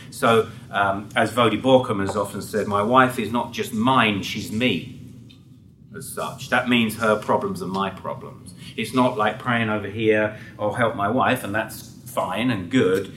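Male pastor, low-ish voice, earnest conversational preaching with restarts; mic set back from him in a reverberant hall. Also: fairly bright tone, slight background noise. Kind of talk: sermon. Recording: roomy hall, voice from a distance.

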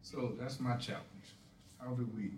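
A man, a church leader in the audience, asking a question in a measured, halting way. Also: mid-range voice, steady tone, background noise. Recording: distant voice in an echoey hall.

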